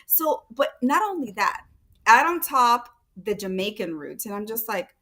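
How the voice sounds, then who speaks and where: A woman's voice: on the high side, sing-song, a little slow, pushed and bright. A woman hosting a podcast interview, talking in an effusive, enthusiastic way and laughing often. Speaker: podcast host. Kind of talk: casual interview chat.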